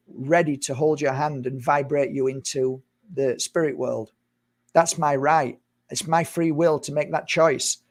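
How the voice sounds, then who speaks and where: A man hosting a live spiritual Q&A, talking in an earnest, rambling way that swings into heated emphasis. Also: a little high. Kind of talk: casual live-stream sign-off and rant.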